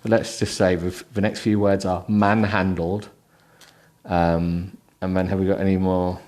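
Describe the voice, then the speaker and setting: A man's voice: low voice, little pitch movement, a little slow, a little mellow. A tired man reading a book aloud with sarcastic, mocking asides. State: tired, sleepy. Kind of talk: comic book reading with running commentary.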